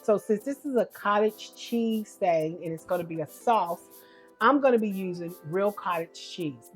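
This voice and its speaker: A woman's voice: mid-range voice, moderate pace, slightly rough, soft background music. A woman giving a casual cooking demonstration at home, chatty and homey, often correcting herself as she goes. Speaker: home cook.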